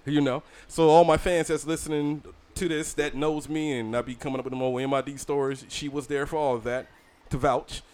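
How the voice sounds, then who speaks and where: A man's voice: a little high, fairly even intonation, a little fast, a little mellow, clean tone. A man hosting a casual podcast, chatting with friends, laughing often and mimicking people. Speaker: podcast host. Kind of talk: casual chat.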